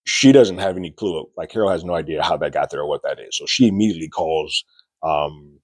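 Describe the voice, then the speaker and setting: A man with a very deep voice walks through a TV episode in a relaxed recap. His delivery is chatty and loose, full of restarts. The sound is dry and close, with no room echo. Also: fairly quick. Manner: chatty, loose retelling with frequent restarts and acted-out quotes. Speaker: TV show reviewer.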